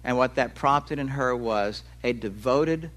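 A man's voice: mid-range voice, a little slow, fairly bright tone, faint music behind. A male preacher giving a sermon in a conversational way. He explains with everyday examples and stretches key words for emphasis.

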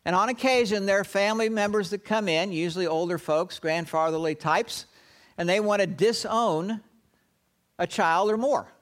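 A man preaching a sermon, retelling a story with dramatic pauses and acting out the quoted lines. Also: sits high.

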